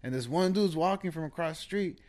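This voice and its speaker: A man's voice: fairly high pitch, brisk, darkish tone. A man in casual podcast chat, telling laid-back stories full of slang and swearing.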